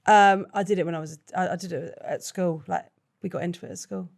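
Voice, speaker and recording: Woman comedian, gravelly low voice, jokey banter, chat show guest. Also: a little fast, darkish tone. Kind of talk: casual chat interview.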